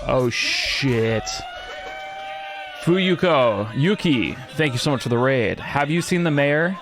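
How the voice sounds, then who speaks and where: A man's voice: mid-range voice, expressive, slow, over music. A young man live-streaming, chatting casually with viewers, swearing a lot and mock-scolding his pet.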